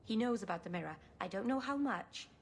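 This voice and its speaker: An actress playing an earnest elven mage in a video game, hesitantly asking for help. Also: female voice, mid-range voice, animated, a little fast, a little hiss or hum, lightly acted.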